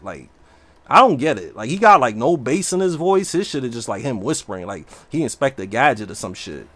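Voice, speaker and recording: A man's voice: mid-range voice, a little fast, dry recording. A man chatting casually and brashly while streaming a game. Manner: brash, slangy, animated. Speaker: livestreamer. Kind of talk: casual gaming stream talk.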